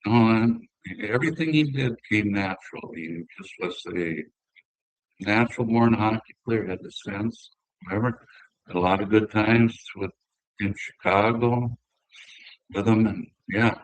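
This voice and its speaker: An older man from northern Minnesota with an Upper Midwest accent, a former hockey player telling relaxed, rambling stories in an interview. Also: on the low side, unhurried, no room sound, rough recording. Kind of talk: casual conversational storytelling.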